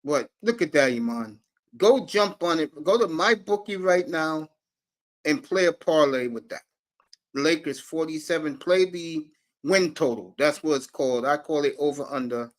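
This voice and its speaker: A man's voice: fairly high pitch, moderate pace. A man hosting a live sports talk stream, brash and profane, calling out chat viewers by name. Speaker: sports talk show host.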